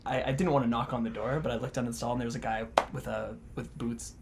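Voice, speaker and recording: A man's voice: mid-range voice, steady tone, fast, creaky, noisy background. A young man, a band member telling a rambling tour story full of "like" and laughter. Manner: laughing, rambling with many likes. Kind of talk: casual storytelling.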